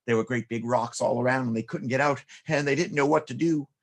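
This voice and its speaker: A man telling silly stories to children, very expressive, with repetition and sound effects. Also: mid-range voice, fairly quick. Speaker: children's storyteller. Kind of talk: animated storytelling for children.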